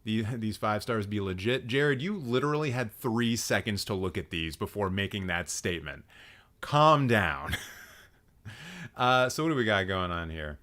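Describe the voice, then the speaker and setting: A man's voice: lowish voice, expressive, normal speed, fairly bright tone. A man hosting a live stream, giving blunt, sarcastic commentary and swearing freely. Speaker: host.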